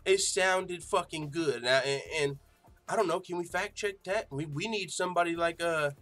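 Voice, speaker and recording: A man hosting an MMA talk show, chatting casually with lots of swearing and sudden loud outbursts. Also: on the high side, moderate pace, soft background music. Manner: excitable, swearing, mimics quotes loudly. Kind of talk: casual profane commentary.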